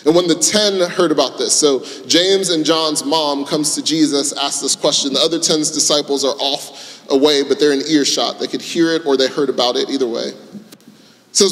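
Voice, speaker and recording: A man's voice: on the high side, steady tone, a little fast, a bit bright, long reverb tail. A man preaching a sermon in a conversational storytelling manner, acting out the voices in his story. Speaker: pastor.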